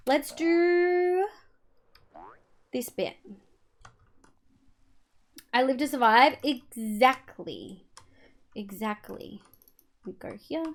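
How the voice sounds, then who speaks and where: A woman's voice: high voice, lively intonation, very slow, pauses often, a little hiss or hum. A young Australian woman streaming a building game, chatting casually, swearing freely and humming little sound effects as she works. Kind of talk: casual livestream chat while gaming.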